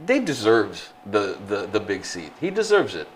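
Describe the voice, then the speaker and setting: A man's voice: fairly low pitch, huge pitch swings. A man from Illinois co-hosting a podcast, rambling and joking in casual banter, with a faint hiss behind him. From Illinois, Midwest. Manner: joking, rambling, does quick mock accents. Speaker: podcast co-host.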